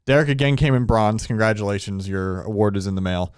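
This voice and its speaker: A man's voice: lowish voice, fairly quick, smooth, dry recording, studio quality. A man hosting a casual sports podcast, talking in a chatty way with frequent restarts.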